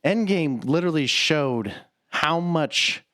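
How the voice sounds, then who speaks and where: A man's voice: on the high side, expressive, slow, sharp tone, no room sound, clean studio sound. A man co-hosting a casual podcast chat, rambling with lots of fillers and casual swearing. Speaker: podcast co-host.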